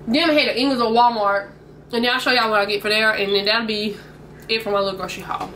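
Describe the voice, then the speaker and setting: Bright chatty woman vlogging. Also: on the high side, steady tone, quick pace, slight background noise. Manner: chatty, keeps addressing viewers as y'all. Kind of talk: casual grocery haul chat. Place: at home, indoors. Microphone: camera mic.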